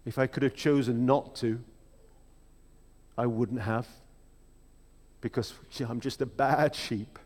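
Guy preaching a sermon, slow thoughtful delivery, asks lots of questions, mid pitch voice, echoey hall. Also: fairly even intonation, darkish tone. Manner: reflective, measured preaching with emphatic rhetorical questions. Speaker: pastor. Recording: long hall reverb.

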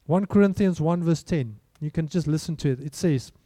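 Man, preacher, high voice, very warm and mellow, dry close sound. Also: normal speed, no echo. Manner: conversational preaching, rhetorical questions. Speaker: pastor. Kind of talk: sermon.

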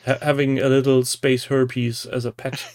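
A man co-hosting a podcast in casual chat, speaking hesitantly with frequent pauses. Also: mid-range voice, flat delivery, a little mellow. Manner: slow and hesitant, many "uh" fillers. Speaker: podcast co-host.

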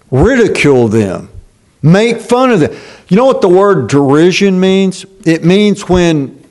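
An older man preaching a sermon as pastor, slow and emphatic, with halting restarts. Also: fairly high pitch, darkish tone.

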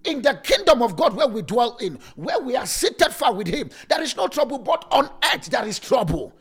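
Husky animated preaching pastor, man. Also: moderate pace. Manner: preaching with sudden swings in loudness and pitch. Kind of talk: sermon.

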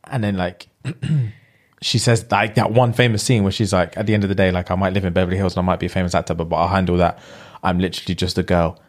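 A man's voice: low voice, quick pace. A young man, chatting casually as he retells a film plot in slang and acts out the characters' lines. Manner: animated storyteller with slang, acting out the lines.

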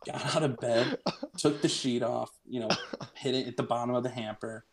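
A young man co-hosts a podcast and tells a story in casual chat, swearing freely and sounding animated. His pitch is medium and his speed normal.

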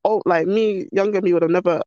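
A woman's voice: lowish voice, brisk, no echo, highs cut off. A woman talking as a podcast guest in casual, bubbly chat that pokes fun at herself. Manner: bubbly, animated, self-mocking.

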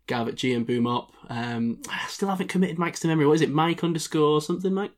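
A man's voice: on the high side, fast talker. A man hosting a podcast, chatting loosely and laughing often. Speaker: podcast host. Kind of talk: casual chat.

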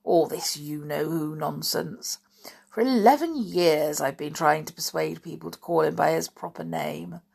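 A woman voicing a wise, gentle elderly male wizard who speaks calmly and teasingly. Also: deep voice, measured pace, gravelly, husky, exaggerated voice.

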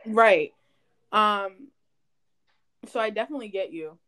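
A woman's voice: medium pitch, a little slow, a bit bright. A young woman in loose, rambling casual chat, full of fillers, easy laughter and swearing.

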